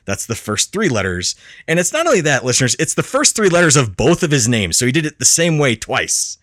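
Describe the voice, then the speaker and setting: Lively, laughing podcast host man. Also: medium pitch, brisk, no echo, clean studio sound. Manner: storytelling, laughs often, excitable; profane. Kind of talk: casual chat.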